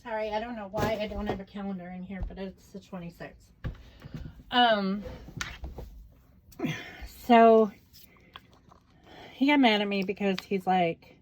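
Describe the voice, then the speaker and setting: A middle-aged woman chatting casually to her camera as she works on a craft project. She tells a story in a loose, rambling way, full of "like" and "you know." Her pitch sits at an ordinary middle height for a woman. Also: steady tone, a little slow, pauses often, background noise. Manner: rambling storytelling with many fillers. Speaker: crafting vlogger. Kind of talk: casual chat while journaling.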